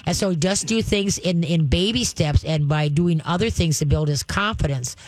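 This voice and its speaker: A woman's voice: lowish voice, moderate pace, darkish tone. A woman hosting a call-in pet advice radio show, chatty and folksy, coaching callers on dog behavior. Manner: chatty, folksy, acts out coaxing voices to the dog.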